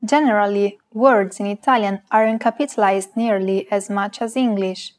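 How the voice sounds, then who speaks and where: A woman's voice: mid-range voice, steady tone, moderate pace. A woman co-hosting a scripted language lesson, carefully pronouncing example words for learners to repeat.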